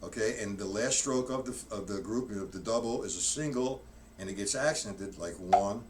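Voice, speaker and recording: A man teaching drums on a live stream, rambling and correcting himself as he counts out loud. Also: on the low side, moderate pace. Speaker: drum teacher. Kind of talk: live-streamed drum lesson. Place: practice room with a drum kit. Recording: distant mic, noisy room.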